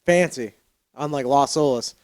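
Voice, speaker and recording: A man's voice: medium pitch, measured pace, a little mellow. A man co-hosting a podcast, telling a rambling story in casual chat, full of fillers, laughs and swearing. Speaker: podcast co-host.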